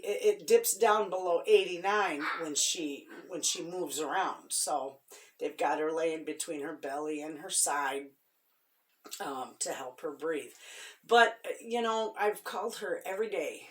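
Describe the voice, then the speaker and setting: A middle-aged woman, chatting to her viewers in a halting, somber way with many restarts. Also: deep voice, far from the mic. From Michigan. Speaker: homestead vlogger. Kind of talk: casual chat to viewers.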